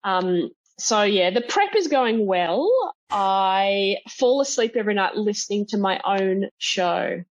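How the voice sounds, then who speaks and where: A woman's voice: mid-range voice, animated, slow. A woman with a Queensland Australian accent, a comedian guest chatting in a wry, self-deprecating, joking way over a video call. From Brisbane, Australia. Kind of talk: casual interview chat. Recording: muffled video call audio.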